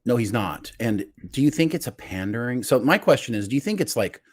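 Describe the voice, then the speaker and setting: A man hosting a podcast in casual chat, animated and teasing as he steers the talk. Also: mid-range voice, a little fast, dry recording. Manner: animated and teasing, leading the show. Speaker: podcast host.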